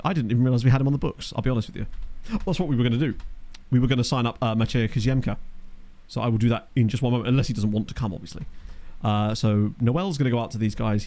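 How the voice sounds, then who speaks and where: Through a desk microphone, a young man chats casually while playing a football management game on stream, answering chat and making wry asides. His voice is medium-pitched with a dark tone.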